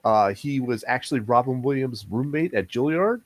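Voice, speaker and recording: A man with a mid-pitched voice talks on a casual podcast. He shares facts hesitantly and pauses often on fillers. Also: animated, dry recording. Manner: hesitant, many "uh" and "um", reads out facts. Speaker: podcast co-host. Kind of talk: casual chat.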